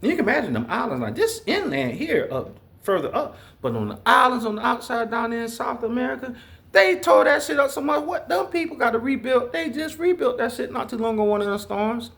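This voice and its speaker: A man's voice: very high voice, fairly quick, gravelly. A man from Georgia, talking straight to his viewers in a blunt, profane, rambling monologue. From Southeast Georgia, US. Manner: profane, blunt, animated storytelling. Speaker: vlogger.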